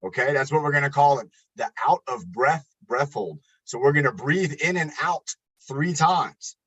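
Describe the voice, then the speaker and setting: A man's voice: on the high side, moderate pace, a bit bright, breathy edge, rough recording. A man leading a live online exercise class as a fitness coach, upbeat and chatty, counting reps and talking to viewers by name. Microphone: computer webcam.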